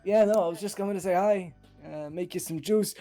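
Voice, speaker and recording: A man's voice: high voice, fairly quick, warm tone, pitched above the performer's own voice. A man voicing a sneaky, sheepish male spirit squatting in a woman's mind, in a tabletop game with faint music behind. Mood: teasing. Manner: flustered, sheepish and cheeky.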